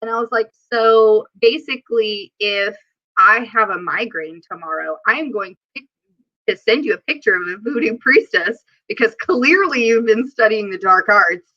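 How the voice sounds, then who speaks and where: A woman hosting a live stream, chatting casually and telling stories in a giggly, animated way over a video call. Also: mid-range voice, muffled recording. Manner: giggly, animated storytelling with quoted asides. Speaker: host.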